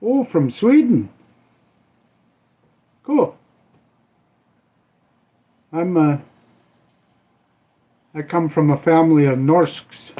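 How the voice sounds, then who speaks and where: Older Minnesota man, live-stream host, slightly high voice, folksy and rambling, cooking as he chats. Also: sing-song, drawn-out words, pauses often, warm tone. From Minnesota, USA. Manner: rambling, folksy, trailing off with "I don't know"; cooking while he talks. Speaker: livestream host. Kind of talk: casual live-stream chat.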